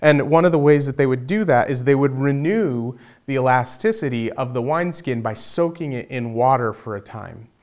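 A man's voice: medium pitch, normal speed, few pauses, darkish tone. Earnest male pastor preaching a sermon. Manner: earnest, repeats words, rises to emphatic points.

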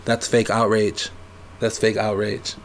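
Man impersonating a blustering older politician, deeper voice, repetitive catchphrase. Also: completely flat delivery, a little slow, a little hiss or hum. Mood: mocking.

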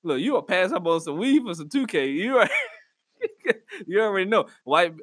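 A solo podcast host with a high-pitched, sing-song voice, a bit bright and breathy at the edges, talks at a normal speed. He rambles casually, cracking jokes and using slang. Recorded in a studio, it carries no room sound.

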